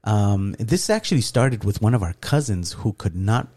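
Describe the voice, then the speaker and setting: Animated storytelling man with mellow voice. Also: fairly low pitch, normal speed. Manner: animated, acts out quoted dialogue, laughs often. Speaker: podcast co-host. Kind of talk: casual storytelling chat.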